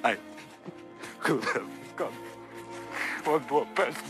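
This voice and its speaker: A man's voice: on the high side, slow. An actor playing a grief-stricken man who laments in broken, sobbing phrases, with rising anguish. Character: grief-stricken man regretting those he failed to save. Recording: film audio under loud score. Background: loud orchestral film music.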